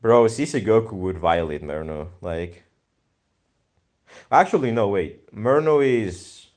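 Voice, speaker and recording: A man's voice: on the low side, animated, slow pace, a little mellow. A young man with a Greek accent chatting casually on a live stream, reading viewer comments and thinking aloud in a laid-back, slangy way. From Greece.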